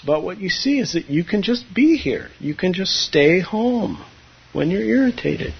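Husky guy giving a zen dharma talk, lively up-and-down voice, kinda muffled lo-fi recording. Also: high-pitched, measured pace. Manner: conversational, humorous, acts out students' voices. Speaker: Zen teacher. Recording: dull lo-fi recording.

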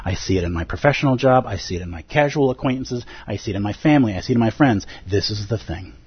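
A man teaching at a Zen center, giving an emphatic, animated dharma talk and acting out the inner voices of his listeners. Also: lowish voice, fast talker, husky, dull audio. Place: Zen center meditation hall.

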